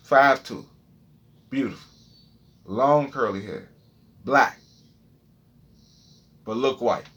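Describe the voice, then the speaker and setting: A man hosting a podcast, telling a crude freestyle story in an excitable way, repeating words and phrases and jumping high when he relives a panic. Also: takes it slowly, long pauses, breathy edge. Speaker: podcast host.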